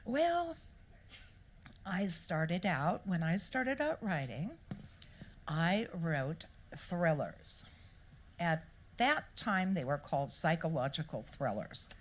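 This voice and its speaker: A woman author answering questions at a live event, telling stories in a playful, animated way and acting out the people she quotes. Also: lowish voice, slow, long pauses, slight background noise. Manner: animated, playful storyteller who acts out quotes. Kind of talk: storytelling interview answers. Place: live Q&A event before an audience.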